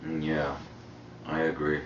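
A man's voice: very deep voice, monotone, measured pace. A man with an Indian English accent, chatting casually in a laid-back, profane, rambling way as a reality show contestant in a shared house. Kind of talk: casual chat. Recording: muffled roomy house-cam audio with background noise.

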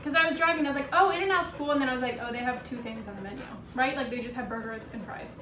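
A young woman from Canada in her twenties, a guest friend in a casual chat mukbang, relaxed and sarcastic. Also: on the high side, racing. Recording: echoey room, distant mic, clear noise.

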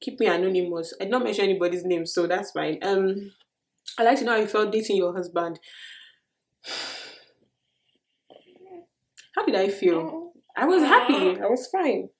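A woman's voice: mid-range voice, animated, moderate pace, long pauses, darkish tone. A young Nigerian woman with a Nigerian accent, chatting expressively and laughing often as she answers viewer questions in a casual vlog.

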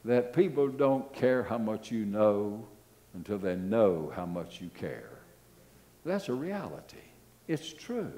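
Older man, pastor, sermon, lively pitch, mellow dark tone, repetitive, storytelling. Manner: animated, repetitive, fillers, storytelling.

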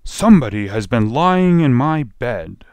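A man voicing a huge father bear with a rough, gruff voice in a storybook reading. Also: mid-range voice, sing-song, measured pace, darkish tone, dry recording, voice pushed up. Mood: indignant.

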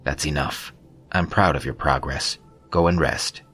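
A gruff, curt clan father with a very deep voice, as a male narrator puts him on. He speaks in short, clipped lines in an audio story with faint music behind. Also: measured pace, a bit bright, exaggerated voice. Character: stern middle-aged father, clan patriarch.

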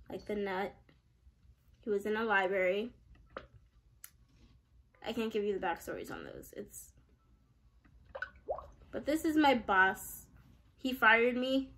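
Chatty husky woman playing a game. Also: medium pitch, takes it slowly, long pauses, fairly bright tone. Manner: chatty, giggly, self-deprecating. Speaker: game streamer. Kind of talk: casual gaming commentary.

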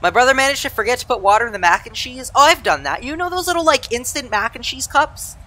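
Young adult from Southern California, live-stream chatter with a bright, lively voice that jumps up and down a lot. They talk casually to chat while flying, and laugh easily at their own expense. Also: high voice, fast. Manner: laughs easily, self-deprecating. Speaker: flight sim streamer.

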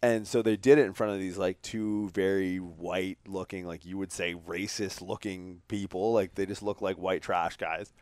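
A man's voice: sits low, moderate pace, few pauses, dry recording. A man, hosting a podcast and telling rambling, profane stories in casual chat. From Canada. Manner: profane, rambling, energetic storytelling. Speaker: podcast host.

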